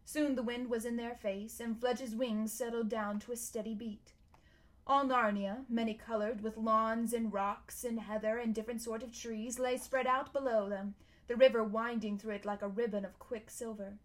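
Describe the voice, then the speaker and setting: A woman reading a storybook aloud, narrating in an expressive, measured way. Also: a little high.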